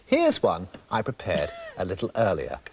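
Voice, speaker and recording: A man's voice: low-pitched, wildly swooping pitch, moderate pace. A man from England presenting a children's TV show, demonstrating a craft in a playful, theatrical way.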